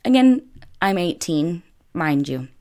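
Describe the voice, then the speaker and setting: A young woman with a low-pitched voice, chatting her way through a story. She talks casually and loosely, stringing her sentences together with lots of filler words. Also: big pitch swings, slow pace, a little mellow. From United States. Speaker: vlogger.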